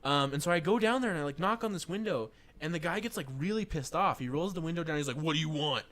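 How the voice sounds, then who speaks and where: A man's voice: on the high side, animated, fast, fairly bright tone. A man co-hosting a podcast, casually telling stories and acting out what people said. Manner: laid-back storytelling, acts out quotes in a raised voice. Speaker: podcast co-host. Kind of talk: casual chat.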